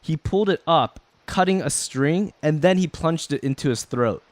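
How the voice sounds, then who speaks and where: A man's voice: on the high side, moderate pace, no room sound. Dry-voiced man running a tabletop game. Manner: explanatory, steady storytelling with frequent ums. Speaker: game master. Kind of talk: narrating and ruling a tabletop game.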